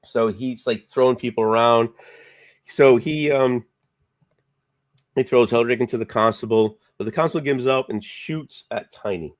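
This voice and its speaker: A man's voice: moderate pace, dry recording. A man casually retelling a comic book story on a review show, rambling and acting out the characters' lines. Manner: rambling, acts out character lines with bursts of pitch.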